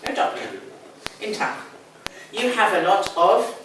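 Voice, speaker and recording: An older woman with a London accent gives a one-on-one English lesson, explaining patiently and repeating key words in an unhurried, medium-pitched voice. The room is echoey, with a distant mic and faint noise.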